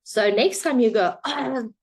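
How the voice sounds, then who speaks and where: A woman's voice: medium pitch, lively intonation, measured pace. A woman coach telling a parable and drawing a motivational lesson from it, in a chatty storytelling way with some fillers. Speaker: self-help coach.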